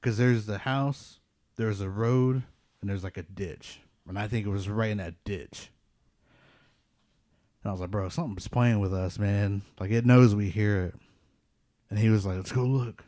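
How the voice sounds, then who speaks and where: A man's voice: on the low side, fairly even intonation, normal speed, pauses often, dark tone, no room sound, clean studio sound. A man hosting a podcast, telling a personal ghost story in a casual, rambling way with many "like" fillers. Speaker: podcast host.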